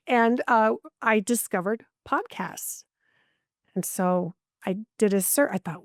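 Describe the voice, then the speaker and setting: A woman's voice: a little high, unhurried, no room sound, clean studio sound. A middle-aged woman, a podcast guest and genealogist, telling a personal story in an interview and acting out the voices of the people in it. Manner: animated, acts out quoted voices.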